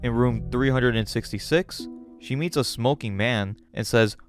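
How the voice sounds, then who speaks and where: A man casually narrating a story aloud, with relaxed chatty asides. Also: mid-range voice, a little slow, music in the background. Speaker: channel host. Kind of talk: casual story read-along with commentary.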